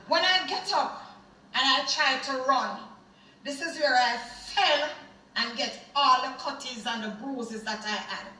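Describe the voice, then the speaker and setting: Animated Jamaican woman in an echoey room. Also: sits high. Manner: animated, vivid retelling. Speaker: interviewee. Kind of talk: personal storytelling. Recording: echoey room, far from mic.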